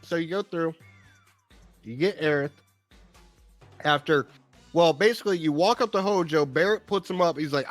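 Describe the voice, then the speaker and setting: A man's voice: a little high, moderate pace, long pauses, faint music behind. A man co-hosting a podcast, recapping game scenes in a casual, profane way with many fillers. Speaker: podcast co-host. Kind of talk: casual gaming chat.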